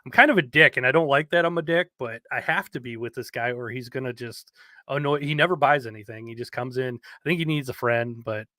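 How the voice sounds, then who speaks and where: A man's voice: medium pitch, brisk, bright, forceful tone, no room sound, studio quality. A man talking frankly and a bit self-deprecatingly about difficult customers in a casual podcast chat.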